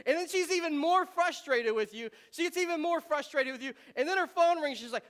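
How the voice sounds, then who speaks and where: High-voiced man preaching a casual sermon. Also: brisk, few pauses. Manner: relaxed and chatty, laughs often, frequent ums. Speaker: pastor. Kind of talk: conversational sermon.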